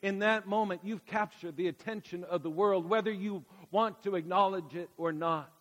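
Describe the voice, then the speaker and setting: A man preaching a sermon, telling a childhood story with dramatic swings from hushed to loud. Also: high-pitched, moderate pace, in a large hall.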